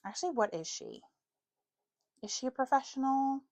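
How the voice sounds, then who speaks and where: A woman's voice: sits high, lively intonation, moderate pace, darkish tone, dry recording, muffled recording. A woman in her twenties chatting casually to camera about books, self-mocking and stumbling over words now and then. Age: 20s. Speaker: book vlogger.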